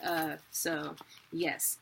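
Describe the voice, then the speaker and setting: A woman giving a casual video lesson, chatty and quick to correct herself. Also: sits low, flat delivery, vocal fry, slight background noise. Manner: chatty, self-correcting, laughs at own mistakes. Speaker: teacher.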